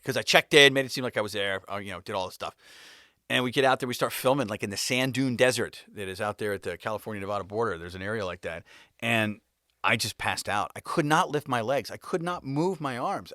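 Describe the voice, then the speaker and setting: A man's voice: on the low side, bright, forceful tone, dry recording, clean studio sound. A man, a music video director, telling a personal story in casual style, laughing often and swearing, with bursts and restarts.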